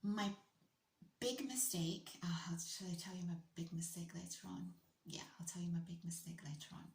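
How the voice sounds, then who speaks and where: A British woman from the UK telling a personal story in a playful, casual way, often dropping into hushed, whispery asides. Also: on the low side, moderate pace, creaky, roomy sound. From United Kingdom.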